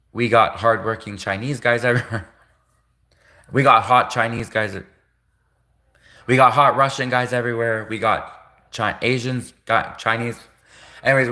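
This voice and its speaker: A man's voice: medium pitch, bright, forceful tone. A man, rambling through a casual livestream monologue and often repeating and restarting himself. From Canada. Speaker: livestream host.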